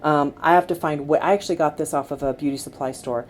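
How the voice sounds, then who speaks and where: A middle-aged woman working as a makeup artist, giving gentle, coaxing instructions to a client during a tutorial. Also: deep voice, steady tone, quick pace. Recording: faint background noise.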